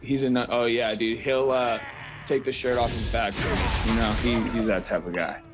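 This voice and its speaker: A young man with a Northern California accent, a fighter being interviewed, talking in a relaxed, slangy way with lots of fillers. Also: medium pitch, moderate pace, over music, low-quality recording. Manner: laid-back, slangy, rambling with fillers. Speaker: fighter, guest. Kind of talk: casual interview.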